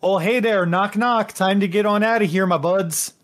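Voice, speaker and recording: A man voicing a brash, folksy male prison hustler who talks fast and calls everyone bud. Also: high voice, voice pushed up, close to an everyday voice. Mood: cheery.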